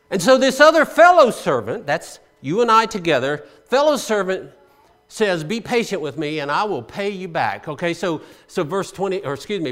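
Male pastor, sermon delivery, high, very expressive voice, conversational teaching style. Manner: dynamic preaching, swinging from loud emphasis to hushed asides; explains scripture conversationally, asking the congregation questions.

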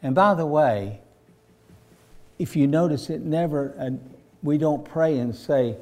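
A man's voice: on the high side, a little slow, a little mellow. Folksy preacher man. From Virginia, USA. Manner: folksy storytelling, rising to fervent emphasis. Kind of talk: sermon.

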